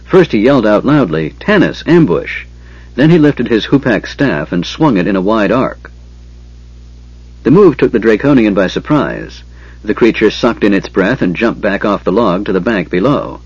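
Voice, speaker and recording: A man narrating an audiobook with steady, measured storytelling. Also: fairly low pitch, husky, no room sound, dull audio.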